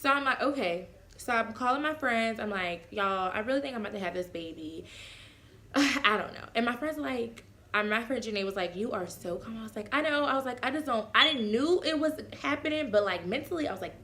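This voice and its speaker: A young woman vlogger telling a casual, animated story and acting out the quotes. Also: on the high side, moderate pace. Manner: animated, acts out quotes with voice swings.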